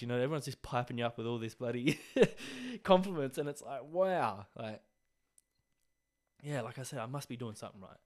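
A young Australian guy runs a laid-back solo podcast, talking briskly in a mid-range voice. He rambles, swears, and packs his speech with fillers, coughing now and then as he recovers from being sick.

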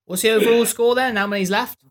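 A man's voice: high voice, steady tone, fast talker. A man, brash and cocky, swearing freely during a casual podcast quiz. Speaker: podcast co-host, contestant. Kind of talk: casual banter in a quiz game.

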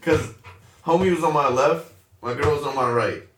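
A young man talks casually and curses freely, spinning an animated, slangy story with his friends. His voice sits mid-range. It comes through a roomy space, a little off the mic. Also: on the high side, normal speed, slight background noise. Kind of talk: casual chat. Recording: roomy echo, a bit far from the mic.

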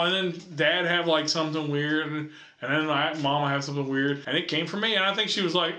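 A man's voice: fairly high pitch, a little fast, pushed and bright, reverberant. A man on a podcast, telling a childhood story in casual chat and acting out his family's voices with lots of laughter. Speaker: podcast co-host.

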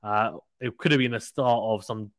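A man's voice: lowish voice, moderate pace, fairly bright tone, no echo, clean studio sound. A man hosting a casual cricket podcast, chatty and teasing, laughing often. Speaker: podcast host.

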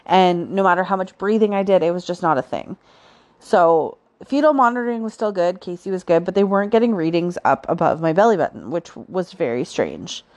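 A woman's voice: on the low side, lively intonation, fairly quick, a little mellow. A woman hosting a podcast, telling her own story in a chatty, casual way with frequent fillers. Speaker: podcast host.

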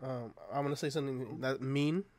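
A man's voice: medium pitch, fairly even intonation, brisk, a little mellow, no echo. A man co-hosting a casual podcast chat, bluntly giving provocative opinions with plenty of swearing. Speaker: podcast co-host.

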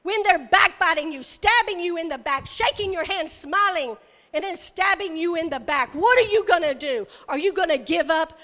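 A woman preacher delivering a sermon, emphatic and repetitive, rising to shouts. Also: extremely high pitch, expressive, normal speed. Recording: reverberant hall.

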